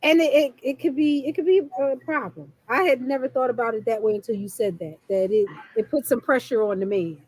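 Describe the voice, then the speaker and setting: A woman's voice: on the high side, a little fast, hardly any pauses, a little mellow, breathy edge. A woman co-hosting a podcast, chatting thoughtfully and repeating words as she restarts. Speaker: podcast co-host. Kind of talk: casual chat.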